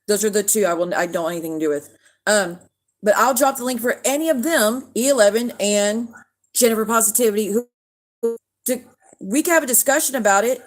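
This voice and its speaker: A woman's voice: on the high side, fairly quick. A woman hosts a casual livestream. She rants in a heated way, swears often and calls out viewers by name. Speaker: livestream host.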